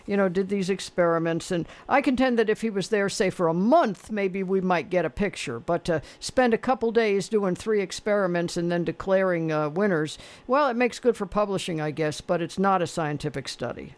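A man's voice: sits high, moderate pace, few pauses. A man hosting a call-in radio show, chatting bluntly and opinionatedly with callers and running a quiz. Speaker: radio host.

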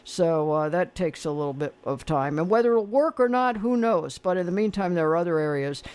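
A man's voice: high-pitched, lively intonation, fairly quick, a little mellow, smooth. A man hosting a call-in radio show, chatting bluntly and opinionatedly with callers and running a quiz. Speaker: radio host.

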